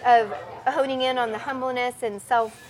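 High-voiced woman telling rambling stories. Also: moderate pace. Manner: animated, rambling, laughs often, acts out quoted voices. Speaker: podcast guest, foundation founder. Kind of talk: casual storytelling interview.

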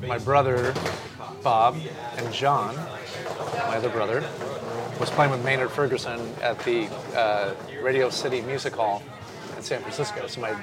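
Animated male drummer telling stories. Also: mid-range voice, measured pace, a crowd in the background. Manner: animated storyteller, swears casually. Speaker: drummer guest. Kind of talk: casual storytelling interview.

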